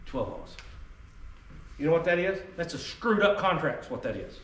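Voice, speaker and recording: A man's voice: fairly high pitch, lively intonation, fairly quick, a bit bright. A man giving an informal, emphatic history talk to a group as a reenactor, in a folksy, conversational manner. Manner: folksy, emphatic, drawling asides. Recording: echoey room, voice heard from a distance.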